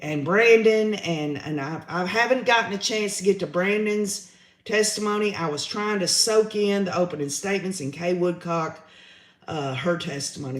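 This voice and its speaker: The livestream host has a high, slightly bright voice that echoes in a reverberant space. He's chatty and full of opinions, reading viewer comments and often using "y'all."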